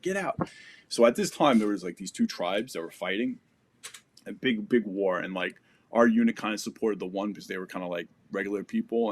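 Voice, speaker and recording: American man, thirties, lowish voice, animated podcast storyteller. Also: slight background noise. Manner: animated storytelling with sound effects. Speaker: podcast guest. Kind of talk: casual war story.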